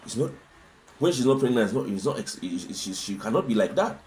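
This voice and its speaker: A man's voice: on the low side, lively intonation, quick pace, darkish tone, slight background noise. A man talking as a guest in a conversational interview, earnest and fond of rhetorical questions. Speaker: husband sharing his experience as a guest.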